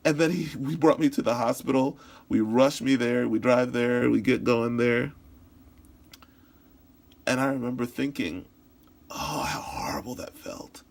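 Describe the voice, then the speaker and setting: Male interpreter voicing a signed first-person story for practice; gravelly fry, halting delivery with restarts. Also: medium pitch, fairly even intonation. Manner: halting, with frequent restarts and repetitions.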